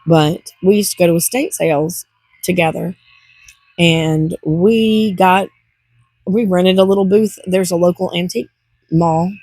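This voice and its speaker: An older woman chats casually to camera in a rambling, heartfelt way. Her voice is gravelly and a little husky. The sound is dry and close. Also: fairly low pitch, unhurried, warm tone, no echo. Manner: rambling, chatty, gets teary. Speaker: vlogger.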